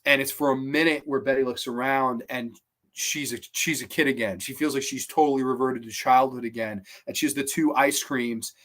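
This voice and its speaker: An enthusiastic man talks through a film review in a loose, rambling way. His voice sits at an ordinary middle pitch as he hosts the show. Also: fairly even intonation, normal speed, a bit bright. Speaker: podcast host.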